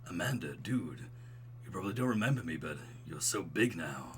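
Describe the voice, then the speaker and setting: A man voicing a smooth, laid-back young dad and old college buddy in a slow, deep, buttery drawl for a dating game. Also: animated, exaggerated voice. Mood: friendly. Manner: slow, mellow drawl ending on "bro".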